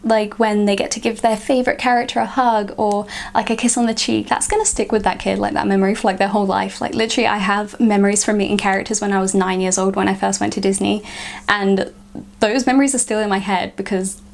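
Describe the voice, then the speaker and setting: Talking casually to camera, this young woman vlogger fills her chatty speech with "like" after "like." She speaks fast in a level, mid-range voice with some vocal fry.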